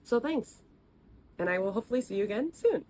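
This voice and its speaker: A woman teaching the letters and sounds of an alphabet in a friendly, patient way, repeating each sound slowly. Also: fairly high pitch, expressive, darkish tone, a little hiss or hum. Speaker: language teacher. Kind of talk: explaining, recorded lesson.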